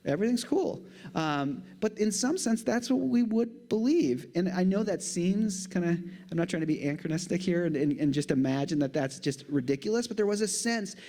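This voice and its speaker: Animated middle-aged man telling jokey stories. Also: high-pitched, moderate pace, few pauses. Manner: animated storyteller, jokey asides. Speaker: conference speaker. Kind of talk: humorous conference talk.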